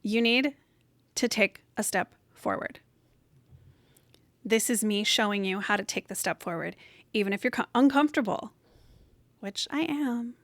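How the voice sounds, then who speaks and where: A woman's voice: mid-range voice, a little slow, long pauses, fairly bright tone, no echo. A woman hosting a solo motivational podcast from her bedroom, talking in an earnest, encouraging, emphatic way. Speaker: podcast host. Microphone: camera set up in room.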